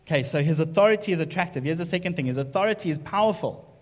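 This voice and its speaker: Higher-voiced male preacher in a reverberant hall. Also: animated, very fast. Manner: conversational preaching, tags points with "right?". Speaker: pastor. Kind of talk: sermon.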